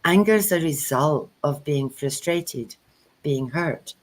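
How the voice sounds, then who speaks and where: A woman's voice: sits low, slow pace, low-quality recording. A woman co-hosting a spiritual chat, telling stories in a casual way and acting out the dialogue she quotes. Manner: animated storyteller who acts out quoted dialogue.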